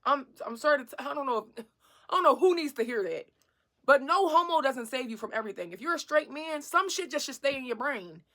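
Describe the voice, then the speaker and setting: A young woman telling a casual storytime, animated and swearing freely, laughing as she goes. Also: high-pitched, a little fast.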